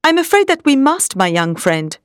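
Woman voicing grave elderly professor, commanding, lively pitch, dry sound. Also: moderate pace, dry recording. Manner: firm, commanding. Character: stern elderly male vampire-hunting professor.

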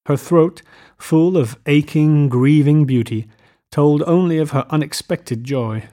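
A man narrating a literary novel in a measured, descriptive reading style. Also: a little high, dark tone. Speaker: audiobook narrator.

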